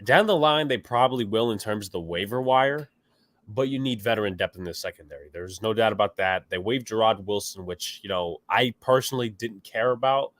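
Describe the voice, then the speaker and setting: A man's voice: lowish voice, brisk, a bit bright, no room sound. A man hosting a casual sports podcast, opinionated and rambling, with a stuffy nose, reacting to chat comments. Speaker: podcast host.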